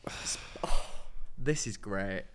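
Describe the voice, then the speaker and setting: A man's voice: lowish voice, takes it slowly, fairly bright tone, clean tone, in a whisper. A man co-hosting a podcast, arguing indignantly in casual banter and swearing often. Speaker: podcast co-host.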